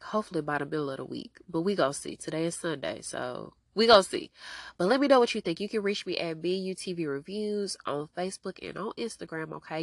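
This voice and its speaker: A woman's voice: on the low side, gravelly, no echo. Stuffy-nosed chatty woman recapping a show. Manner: animated, chatty, addresses listeners as y'all. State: stuffy nose from a cold. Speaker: podcast host recapping a TV episode. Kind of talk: casual chat.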